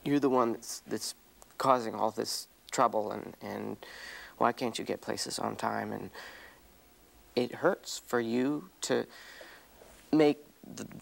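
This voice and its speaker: Halting, pleading man in counseling. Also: lowish voice, gravelly. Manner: halting, repeats words, pleading. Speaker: workshop participant. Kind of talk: emotional confrontation exercise. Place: counseling seminar room.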